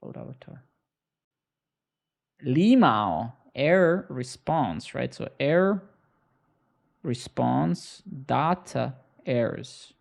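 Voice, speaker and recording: A man's voice: medium pitch, big pitch swings, takes it slowly, creaky, pauses often. A young man live-coding on stream, bantering sarcastically and swearing at his chat as he works.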